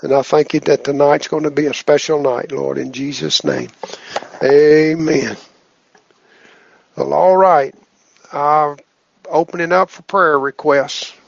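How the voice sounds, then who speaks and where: A man's voice: on the high side, steady tone, unhurried, creaky, dull audio. A man leading spoken prayer on a phone conference call, earnest and repetitive, returning to "Lord" between phrases. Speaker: prayer line leader.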